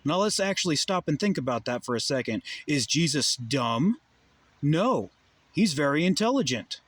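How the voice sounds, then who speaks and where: A man's voice: fairly high pitch, very animated, normal speed, a bit bright, no echo. A young adult man delivering a heated, profane monologue full of rhetorical questions. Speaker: vlogger. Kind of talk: ranting monologue.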